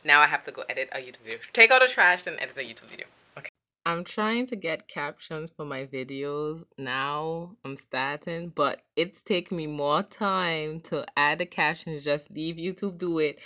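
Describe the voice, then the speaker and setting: Young female vlogger, French accent, low voice, bright tone, casual rambling chat. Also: normal speed. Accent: French-accented English. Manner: chatty, grateful, rambling with restarts. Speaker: vlogger and streamer.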